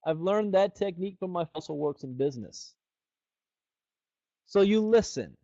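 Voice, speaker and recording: In a dull, dry lo-fi recording without echo, a middle-aged man with a high voice leads a motivational network marketing training at normal speed. He tells stories animatedly, acting out each person he quotes.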